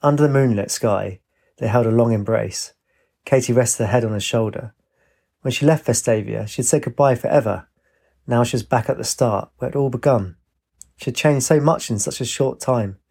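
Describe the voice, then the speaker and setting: A man reading a story aloud in a steady, unhurried manner. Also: medium pitch, vocal fry, husky. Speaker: narrator. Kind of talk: storybook narration.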